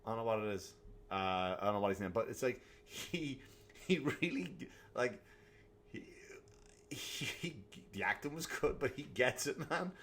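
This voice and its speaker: A man hosting a comedy podcast, ranting alone in a profane, animated way. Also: medium pitch, measured pace, slight background noise. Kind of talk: solo comedic rant.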